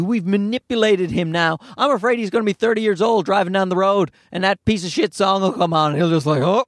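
A man's voice: sits high, no room sound, clean studio sound. A man hosting a casual solo podcast, rambling with profanity and sarcastic asides. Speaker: podcast host. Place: outdoors or by a road, talking into a microphone.

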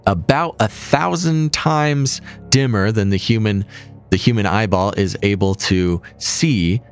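A man's voice: on the low side, a little slow, soft background music. A man co-hosting a podcast, explaining science topics in a playful, jokey way. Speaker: podcast co-host. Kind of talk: casual podcast chat.

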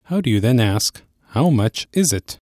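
A man hosting an audio language lesson, explaining words in a clear, steady way and slowing down on key phrases. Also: mid-range voice, dry recording, studio quality.

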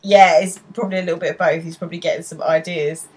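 A woman chats on a podcast, recapping a TV episode scene by scene and quoting the characters' lines. Her voice sits somewhat low for a woman, and she laughs easily as she goes. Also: steady tone, fast, a little mellow, breathy edge. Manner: retells scenes with quoted lines, laughs often. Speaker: podcast co-host. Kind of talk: casual chat recapping a TV episode.

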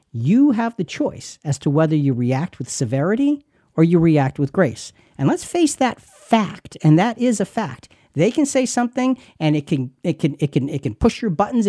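Preachy guy teaching marriage stuff, repeats himself a lot, mellow tone, dead dry mic. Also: fairly high pitch, dry recording. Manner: emphatic, preacherly, repeats words. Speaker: Christian radio co-host.

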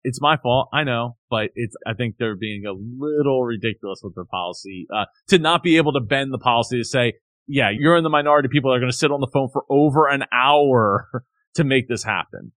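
A man's voice: mid-range voice, fairly quick, a bit bright, no room sound. A man co-hosting a casual talk show, ranting animatedly about a company's return policy and mock-quoting its staff. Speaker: podcast co-host. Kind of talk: casual chat, telling a complaint story.

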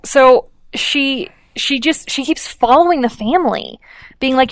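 A woman's voice: fairly high pitch, normal speed, no room sound. A woman co-hosting a podcast, telling a story in a chatty way with lots of fillers and acted-out quotes. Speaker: podcast co-host. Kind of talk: casual chat.

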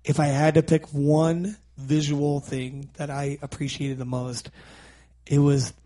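A man chatting casually on a music podcast, his voice dark and mellow. He talks in excited bursts, restarting his sentences as the ideas tumble out. His speech sits a touch higher than most men's. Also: a little slow. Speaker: podcast co-host.

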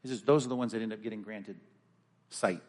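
Man preaching an animated sermon. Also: on the low side, a little fast. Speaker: pastor.

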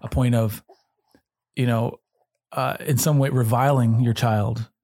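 A man co-hosting a faith podcast, talking through a question about parenting in an earnest, measured way, thinking aloud with restarts. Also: mid-range voice, fairly even intonation, darkish tone, slight background noise. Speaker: podcast co-host. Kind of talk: conversational discussion.

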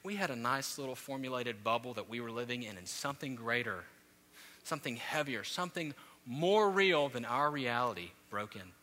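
A man in his thirties preaches in a church sanctuary, his voice very bright and forceful. A long reverb trails each phrase, and his storytelling swells into loud, animated peaks before settling back. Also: mid-range voice, moderate pace. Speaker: pastor. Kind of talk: sermon.

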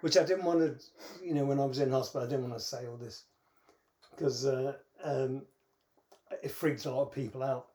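A middle-aged man with a British accent talks through his stories in a halting, chatty way, chuckling along as he goes. His voice sits at an ordinary middle pitch, and the talk is an easygoing podcast conversation. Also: steady tone, dark tone. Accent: British English. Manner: halting, storytelling, laughs at his own anecdotes. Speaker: podcast co-host. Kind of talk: casual chat.

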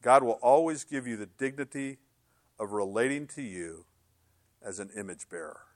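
A middle-aged man preaching with lively, conversational energy and a sarcastic streak in his asides. His voice sits at an ordinary male pitch. It is captured close and dry, with almost no room sound. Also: moderate pace, dry recording. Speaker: pastor. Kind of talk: sermon.

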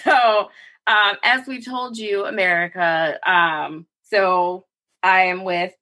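A woman co-hosting a podcast over a video call, telling a story in a casual, animated way with frequent laughs. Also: slow pace. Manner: animated, laughs often, jumps into high quoted voices. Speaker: podcast co-host.

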